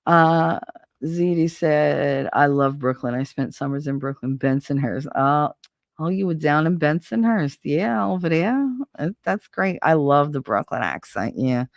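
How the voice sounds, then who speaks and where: A woman with a New Jersey accent hosting a casual livestream, chatting and reading viewer comments in a chatty, profane, animated way. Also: low-pitched, normal speed, no echo, clean studio sound. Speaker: livestream host. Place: at home, smoking.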